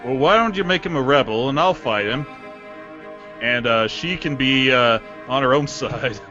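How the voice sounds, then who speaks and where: A man's voice: medium pitch, normal speed, bright, forceful tone, muffled recording, soft background music. A man playing a tabletop game, casual and easygoing, asking questions. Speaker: player.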